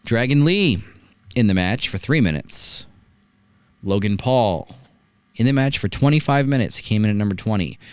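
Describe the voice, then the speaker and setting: Animated man reviewing a wrestling match. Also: on the low side, moderate pace, clear, resonant tone, dry recording. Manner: animated storytelling, rhetorical "right?" asides. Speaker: wrestling podcast host. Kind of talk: casual review chat.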